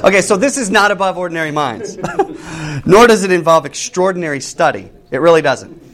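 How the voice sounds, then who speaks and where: A man's voice: a little high, animated, a little fast, a bit bright. A man leading a church class, joking with the group and reading a text aloud, then commenting on it. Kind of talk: casual Bible class talk with reading aloud.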